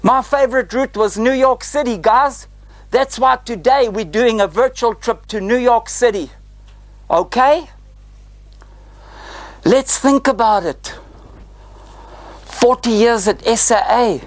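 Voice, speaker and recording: A South African man in his sixties, a retired flight attendant guiding a group through a parked airliner in a lively, theatrical way, tagging his lines with "eh?". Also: very high-pitched, slow, pauses often, dry recording, poor audio. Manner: lively, theatrical, tag questions like "eh?". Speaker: tour guide. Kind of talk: guided tour talk to a group. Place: inside a parked airliner cabin.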